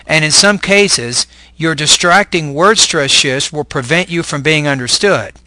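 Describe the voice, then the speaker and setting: Bright-voiced man teaching pronunciation. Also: on the high side, dry recording. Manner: clear, deliberate teaching delivery. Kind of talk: scripted instructional narration.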